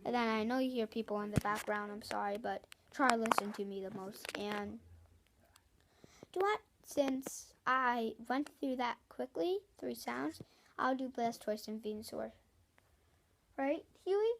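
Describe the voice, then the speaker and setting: Woman vlogger with a higher voice, rambling and chatty, keeps apologizing to viewers. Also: measured pace, vocal fry, noisy background. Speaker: video host. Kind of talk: casual vlog chat.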